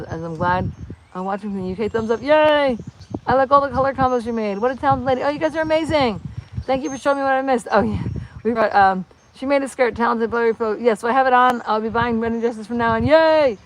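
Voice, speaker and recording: A middle-aged woman with a New Jersey accent, hosting a casual live stream and reacting excitedly to viewer comments. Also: on the high side, a little hiss or hum. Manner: chatty, excitable, reads viewer comments aloud. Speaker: channel host.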